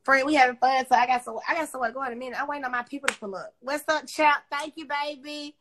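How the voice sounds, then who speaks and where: Brief: loud-mouthed woman livestreaming from her phone, high bright voice, crude and mocking. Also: racing, a little hiss or hum. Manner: brash, profane, mocking. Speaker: Instagram live host. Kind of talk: casual trash-talking livestream.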